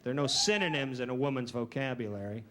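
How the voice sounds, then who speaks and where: A man doing a stand-up comedy routine with a dry, deadpan, self-deprecating delivery. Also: medium pitch, fast. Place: comedy stage before a live audience. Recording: noisy early 1990s VHS recording.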